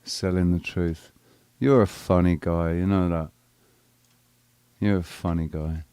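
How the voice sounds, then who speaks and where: Man, very low voice, dry close sound, rambling crude banter. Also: steady tone, measured pace, warm tone, clear, resonant tone, no room sound. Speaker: live show host. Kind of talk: casual live panel chat.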